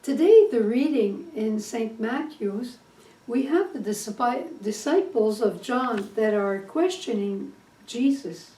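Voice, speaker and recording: Slow, earnest woman preaching. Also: on the high side, animated, warm tone. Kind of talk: sermon. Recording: echoey room, distant mic.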